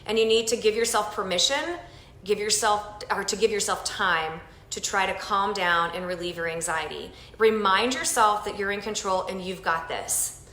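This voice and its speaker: Calm, bright-voiced woman guiding breathing. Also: medium pitch, moderate pace, echoey room, rough recording. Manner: gentle, calm and encouraging. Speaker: yoga teacher. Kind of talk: guided breathing lesson.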